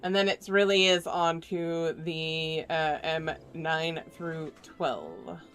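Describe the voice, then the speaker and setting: A woman game streamer chats casually with her viewers, sleepy and stifling yawns. Her voice is deep and fairly bright, and she talks slowly over faint, chill background music.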